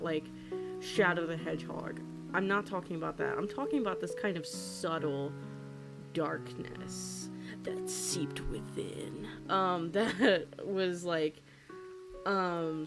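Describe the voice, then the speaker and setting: Woman in her 20s chatting while she draws, giggles a lot, lots of um and like, kinda low voice. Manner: rambling, giggly, many fillers. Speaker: streaming artist. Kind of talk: casual chat while drawing.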